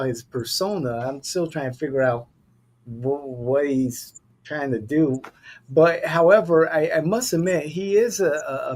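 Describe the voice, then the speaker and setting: A man co-hosting a podcast in casual chat, weighing his opinions carefully and repeating words as he searches for the right phrase. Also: on the high side. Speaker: podcast co-host.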